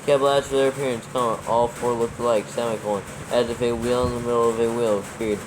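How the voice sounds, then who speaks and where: A man proofreading scripture aloud, reading it fast and speaking every punctuation mark, stumbling now and then. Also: mid-range voice, little pitch movement, noisy background. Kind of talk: dictating text with punctuation.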